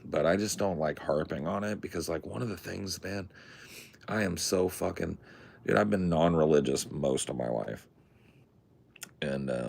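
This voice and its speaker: A man's voice: a bass voice, creaky. A man co-hosting a podcast in casual, profane, rambling chat, talking from his home in the woods at night. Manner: laid-back, profane, rambling. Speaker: podcast co-host.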